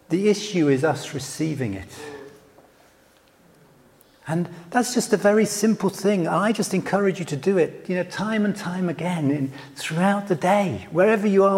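A male preacher giving a gentle, conversational sermon, with frequent "you know" asides. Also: sits high, big-room sound.

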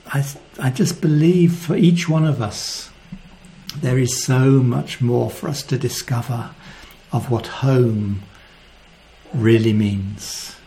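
A man preaching a sermon, earnest and reflective, often dropping to a soft voice. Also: medium pitch.

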